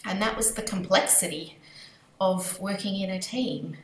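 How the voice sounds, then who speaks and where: A woman's voice: mid-range voice, moderate pace. An Australian woman speaking as a guest, reflecting earnestly and thoughtfully on her own experience. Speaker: guest, leadership coach. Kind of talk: reflective interview talk. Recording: roomy echo with faint ambient noise.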